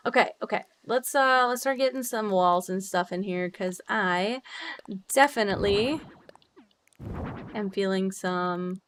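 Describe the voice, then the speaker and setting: A young woman streamer chatting casually with her viewers while decorating in a game, bubbly and quick to swear. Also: medium pitch, fairly bright tone, a little hiss or hum. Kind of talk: casual live-stream chat while gaming.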